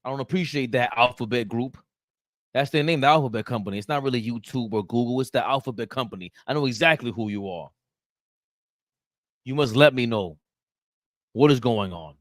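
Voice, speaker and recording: A man's voice: medium pitch, a little fast, long pauses, no echo, clean studio sound. A man hosting a casual live-stream sports talk show, reading chat comments aloud and ranting and bantering with the chat, with laughs between points.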